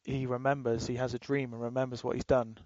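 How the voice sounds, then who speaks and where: A man's voice: medium pitch, little pitch movement, quick pace, a little mellow, no echo, highs cut off. A man co-hosting a podcast, rambling in casual chat, swearing freely and laughing as he retells things. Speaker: podcast co-host.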